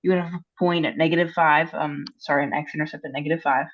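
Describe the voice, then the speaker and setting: A woman's voice: sits low, fairly even intonation, fast, muffled recording. A teenage girl asking her tutor about a math problem over a call, congested and hesitant, full of "like". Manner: hesitant, many "like" fillers. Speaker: student. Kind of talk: casual tutoring session.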